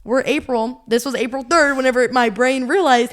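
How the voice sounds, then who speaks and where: A woman's voice: high-pitched, normal speed, few pauses. A young adult woman co-hosting a casual faith podcast, sharing a personal testimony in an earnest, rambling way, full of "like" and quoted inner thoughts. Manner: earnest, rambling, heavy use of "like"; quotes her own thoughts aloud, laughs often. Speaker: podcast co-host.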